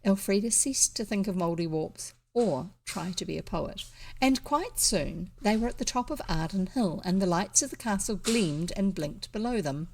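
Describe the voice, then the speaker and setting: A woman with a New Zealand accent reads a classic children's novel aloud. She keeps it relaxed and drops in small asides of her own. Her voice sits at a middle pitch. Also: moderate pace. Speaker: audiobook reader.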